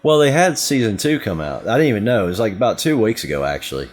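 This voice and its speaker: On the low side and quick-talking, this middle-aged Southern man co-hosts a podcast. He chats casually, spinning rambling, energetic stories full of side remarks.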